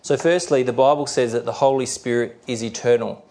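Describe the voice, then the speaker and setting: A middle-aged man preaching a sermon, explaining his points in a plain, teaching way and reading scripture verses slowly and carefully. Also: medium pitch, fairly even intonation, a little mellow. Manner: explanatory, with fillers and restarts.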